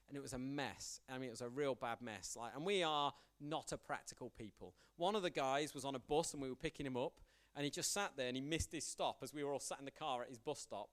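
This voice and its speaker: Animated storytelling young preacher man. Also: mid-range voice. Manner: storytelling, animated, acts out quoted dialogue, self-deprecating. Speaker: youth pastor preaching. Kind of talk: conversational sermon with anecdotes.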